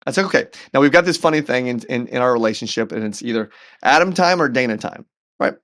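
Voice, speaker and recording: A man as a podcast guest telling a personal story in an animated, earnest way, often repeating words as he goes. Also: mid-range voice, a little fast. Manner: faith-centered, earnest. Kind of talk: storytelling in conversation.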